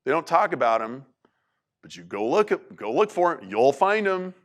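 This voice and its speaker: A man speaking to an audience in a casual, animated way, full of restarts and filler words. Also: mid-range voice, normal speed. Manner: animated, conversational, many restarts and "like". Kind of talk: talk to an audience.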